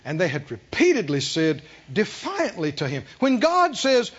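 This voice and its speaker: A man preaching a sermon with energy. He throws questions to the congregation and acts out the quoted voices with big swings in loudness. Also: sits high, normal speed, few pauses, lo-fi sound. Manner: animated preaching with call-and-response questions to the congregation. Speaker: pastor.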